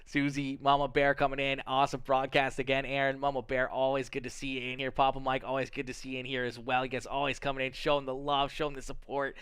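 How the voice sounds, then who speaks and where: Young Canadian man, race broadcast host, upbeat and chatty, smooth clear voice. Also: medium pitch, completely flat delivery, fast talker, hardly any pauses, a bit bright, no room sound. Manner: upbeat, chatty, lots of fillers. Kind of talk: sim racing commentary and interviews.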